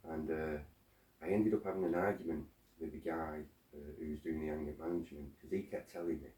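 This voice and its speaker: A man's voice: very deep voice, fairly quick, roomy sound, recorded from a distance. A man, chatting as a podcast guest and acting out arguments he has had. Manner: animated storytelling, acting out quoted arguments, swears. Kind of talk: casual podcast conversation.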